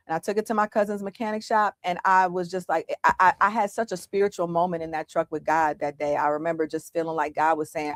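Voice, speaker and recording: A middle-aged woman speaks as a guest in an interview, recounting her journey with vivid, dramatic retellings and frequent false starts. Her voice sits somewhat low for a woman and sounds close and dry, with no room around it. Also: fast, few pauses, dry recording. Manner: animated, dramatic retelling with many restarts. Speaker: guest entrepreneur. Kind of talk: candid interview storytelling.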